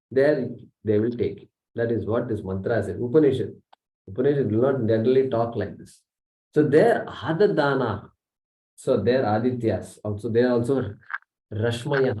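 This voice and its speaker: A man's voice: medium pitch, mellow. A man teaching a scripture class, explaining step by step, reciting verses and often saying "okay". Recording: echoey room, mic distant.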